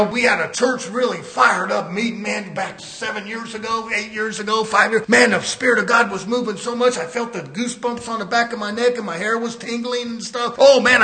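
Man preaching hard, high bright voice, shouts then goes quiet. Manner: preaching, rising to shouts and dropping low. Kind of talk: fiery sermon.

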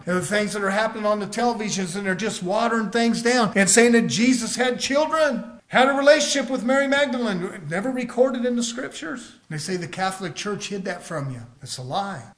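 Fiery high-voiced preacher man. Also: brisk, few pauses. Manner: swings from hushed to shouting, folksy and emphatic. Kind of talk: fiery sermon.

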